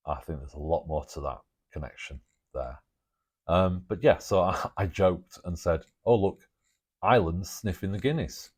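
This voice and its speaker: Speaking in a low-pitched, darkish voice, this alternative history presenter muses over speculative theories in a meandering monologue, chuckling and cracking jokes along the way.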